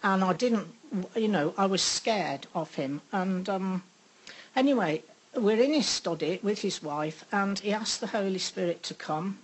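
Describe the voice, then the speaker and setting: An older woman giving a personal faith testimony, reflective and pausing often with ums. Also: medium pitch, husky, low-quality recording. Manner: unhurried, reflective, with frequent pauses and ums. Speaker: speaker sharing a faith testimony.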